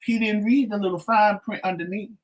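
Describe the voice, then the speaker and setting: A man's voice: high voice, fairly even intonation, a little fast. A man, co-hosting a casual talk show and teasing his partner in a matter-of-fact way. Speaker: co-host.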